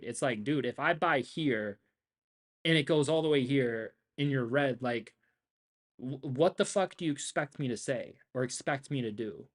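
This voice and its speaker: A brash young man commentating his own live trading stream. He swears constantly and rants with boastful confidence, repeating himself to drive each point home. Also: mid-range voice. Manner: brash, profane and boastful, ranting.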